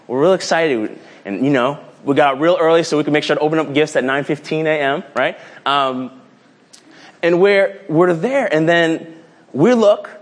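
A man preaching a casual, playful sermon, telling a story and often restarting his phrases. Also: on the high side. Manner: animated, rambling with restarts, playful.

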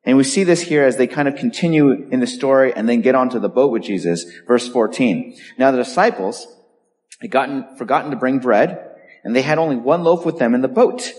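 A man preaching a sermon in an emphatic, animated way, leaning hard on key words. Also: medium pitch, fairly quick. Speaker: pastor. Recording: long hall reverb.

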